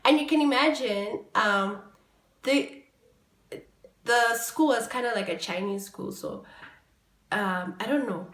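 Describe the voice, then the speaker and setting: Animated young woman telling a story. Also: a little high, takes it slowly, long pauses. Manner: animated, swings between quiet and loud exclaiming; swears freely. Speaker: podcast host. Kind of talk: casual storytelling. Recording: echoey room.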